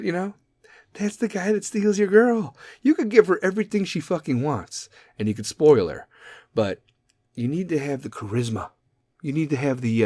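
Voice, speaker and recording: A man hosting a podcast, ranting comedically in a profane, animated way. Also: medium pitch, no echo, clean studio sound. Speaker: podcast host. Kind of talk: comedic rant.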